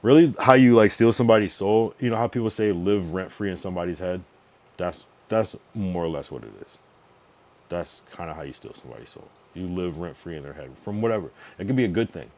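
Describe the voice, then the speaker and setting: A man's voice: sits low, expressive, a little fast, mellow. A young man streaming, talking casually in a blunt, profane, rambling way with many restarts. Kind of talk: casual livestream monologue.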